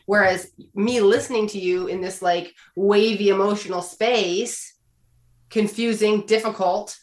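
A woman's voice: mid-range voice, steady tone, unhurried. A woman counselor giving relationship advice in a casual podcast conversation, earnest and explanatory, often acting out the phrases she quotes. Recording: roomy echo.

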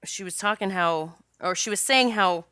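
On her solo podcast, a spiritual coach chats through a personal story, wandering, laughing, and often starting over. She speaks at a normal speed in a medium-pitched voice that is smooth yet pushed and bright. It's studio quality, free of echo.

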